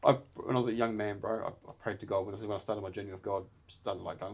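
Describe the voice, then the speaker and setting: Earnest low-voiced man telling a story. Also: fairly even intonation, fast, few pauses. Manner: earnest, emotional storytelling, says "bro" often. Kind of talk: casual podcast chat.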